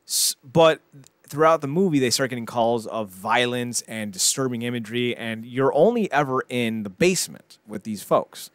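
A man co-hosting a casual podcast, retelling movie plots with lively, mocking energy and frequent stumbles and repeated words. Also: mid-range voice, normal speed, no echo. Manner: animated storyteller, mocking voices for quoted characters, frequent repeated words. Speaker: podcast co-host.

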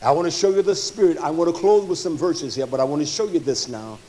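A man preaching a fervent sermon, swinging from loud, forceful passages to low, quiet stretches, with many filler sounds between phrases. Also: fast talker, slight background noise. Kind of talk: fiery sermon.

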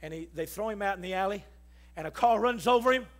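A man preaching a sermon, telling stories and rising to shouts as he calls the congregation to respond. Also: sits high, fast. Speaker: pastor. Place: church.

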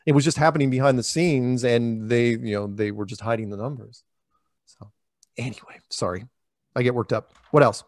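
A man talks in a loose, animated ramble, acting out quoted dialogue with bursts of excitement and sudden drops in volume. He sits at an ordinary middle pitch. The room sounds dry and close, with almost no echo. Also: normal speed. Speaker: interviewee, flat earth public speaker. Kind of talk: casual storytelling interview.

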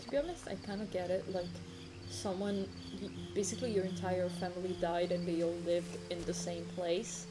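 A woman's voice: lowish voice, steady tone, normal speed, background noise. A young woman streaming a game, chatting effusively, apologizing often and swearing casually, sometimes while eating. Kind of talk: casual let's-play commentary. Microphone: desk mic. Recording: game music behind the voice. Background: game music.

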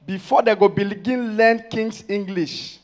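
A man with a Nigerian Pidgin accent from Warri doing stand-up comedy on stage, chatty and animated, building to loud punchlines. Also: high voice, unhurried. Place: stage before a live audience.

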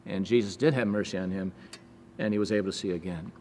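A male pastor giving a devotional sermon with scripture reading, earnest, measured and encouraging. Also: low voice, dark tone. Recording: echoey hall with faint background noise.

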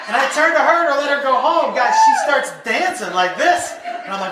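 High voiced guy doing animated stand-up, shouting punchlines, echoey live room, crowd noise. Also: a little fast. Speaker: stand-up comedian. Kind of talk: stand-up comedy storytelling. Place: live comedy venue. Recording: roomy live venue, heard from a distance. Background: audience laughter.

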